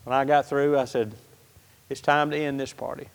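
A man preaching a sermon through a personal story, folksy and animated, moving between loud outbursts and hushed lines. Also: medium pitch, moderate pace, smooth. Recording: hall reverb.

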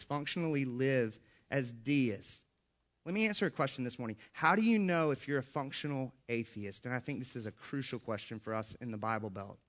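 Emphatic pastor preaching. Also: male voice, medium pitch, lo-fi sound. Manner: emphatic, rising in volume on repeated scripture quotes. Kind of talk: sermon.

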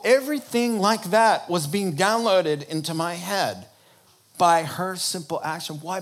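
A male preacher telling his conversion story in a sermon, animated and often laughing as he acts out conversations. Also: on the high side, husky.

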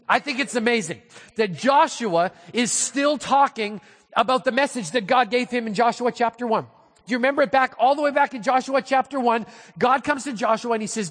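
A male pastor preaches with animated, joking energy, his voice sitting high for a man. The sermon rings through a church hall with a long, trailing reverb. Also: moderate pace. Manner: animated, humorous storytelling.

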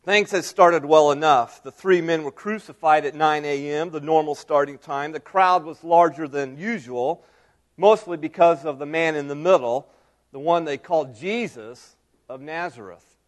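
A middle-aged male pastor delivers a sermon in a high-pitched voice. He tells the story dramatically, rising to loud cries and then falling to hushed, near-whispered lines. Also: moderate pace.

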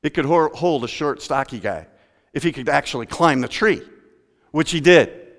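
Animated man preaching in a reverberant church. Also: fairly high pitch, moderate pace. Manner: animated storytelling with rhetorical questions. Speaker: pastor. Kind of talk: sermon.

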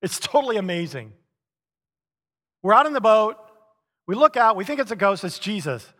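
A middle-aged male pastor with a slightly higher voice delivers a sermon as a brisk, animated storyteller who chuckles along the way. The long reverb of a large church hall surrounds him.

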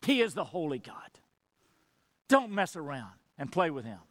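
A man's voice: a little high, big pitch swings, normal speed, a bit bright, no room sound. A man preaching a sermon with passion, acting out quoted dialogue and dropping to near whispers for emphasis. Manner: impassioned preaching with dramatic drops to near whisper; acts out quoted dialogue between God and Moses. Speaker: pastor.

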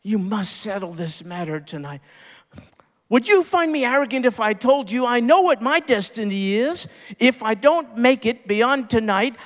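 A man preaching a sermon as pastor, building to strong emphasis and then dropping low and soft on key words. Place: church sanctuary. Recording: long reverb of a church hall.

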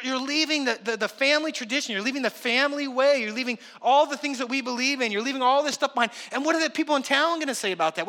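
A man's voice: very high voice, sharp tone. A man preaching a sermon, reading scripture and then talking it through in a conversational way, acting out everyday voices. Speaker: pastor. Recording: long hall reverb.

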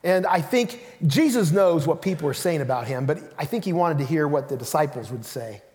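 Male pastor, high voice, lively storytelling sermon, long church reverb. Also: brisk. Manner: animated storytelling, acting out quotes with a laugh. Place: church sanctuary.

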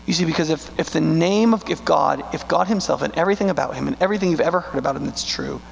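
A male pastor with a high, gravelly voice preaches, driving points home with rhetorical questions and slow, stressed words stretched out for weight. Long reverb rings through the large sanctuary, and a faint electrical hum runs beneath.

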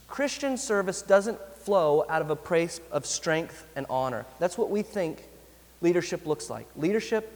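A pastor delivers a sermon in an earnest, emphatic way, slowing down to lean on his key phrases. His voice sits a little on the high side for a man. The sound carries the long reverb of a large hall.

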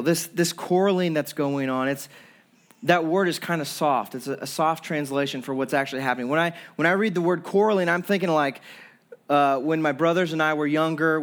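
A young man preaching a sermon as pastor, earnest, with frequent restarts and acting out people's complaints. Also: on the high side. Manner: earnest preaching with repeated restarts and acted-out quotes.

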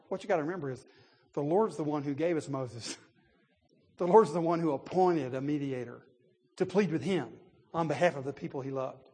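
A man with a high, husky voice preaches a sermon in a hall with long reverb. His delivery is animated and emphatic, rising to loud peaks, with chuckles between points as he talks straight to his listeners. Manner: laughs between points, addresses listeners directly.

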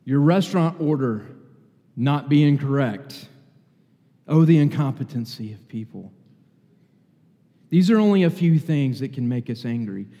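A man's voice: fairly high pitch, dark tone. A man preaching a sermon, telling anecdotes and acting out what people said in different voices. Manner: storytelling, acts out quotes in varied voices. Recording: long hall reverb.

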